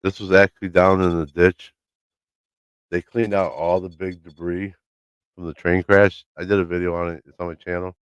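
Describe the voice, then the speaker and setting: A man's voice: deep voice, flat delivery, normal speed, smooth, no echo, highs cut off. A man hosting a casual live stream from his home, telling a story in a loose, swearing way and acting out the lines of the people in it. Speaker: livestream host. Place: home, by his laundry room.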